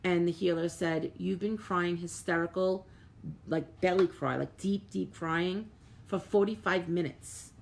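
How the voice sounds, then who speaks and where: Gravelly-voiced woman medium, earnest. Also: fairly low pitch, fairly even intonation, a little slow. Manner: earnest and emphatic, with repeated words and frequent "like"; reads out viewer comments and thanks viewers by name. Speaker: intuitive medium hosting a live stream. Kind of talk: casual live-stream talk to viewers.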